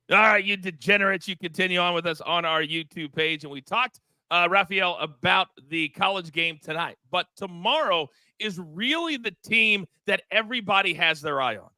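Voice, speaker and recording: A middle-aged man hosting a live sports betting show, energetic and joking with his co-hosts. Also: a little high, dry recording. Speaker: host.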